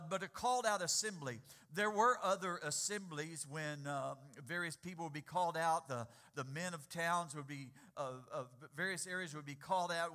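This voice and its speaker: Bright-voiced male pastor preaching. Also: fairly high pitch. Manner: call-and-response with congregation, repeats key words; quiet and slow in prayer, louder and rising when exhorting. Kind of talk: sermon.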